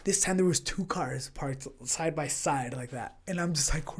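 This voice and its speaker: A man guest on a podcast, a jiu-jitsu gym owner and coach, telling a story in a casual, animated way and acting out the voices of the people he quotes. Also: a little high, normal speed, breathy edge. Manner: animated storyteller who acts out quoted exchanges.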